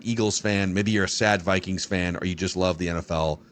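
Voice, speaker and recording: Lower-voiced, brisk podcast host. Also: male voice, steady tone, a bit bright. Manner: brisk, conversational host patter. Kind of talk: casual sports talk.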